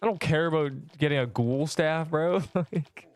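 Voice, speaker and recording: A man's voice: on the high side, moderate pace, darkish tone. Young man streaming, joking and slangy. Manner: joking, mock-dramatic outbursts, slangy. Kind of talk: casual livestream chat while gaming.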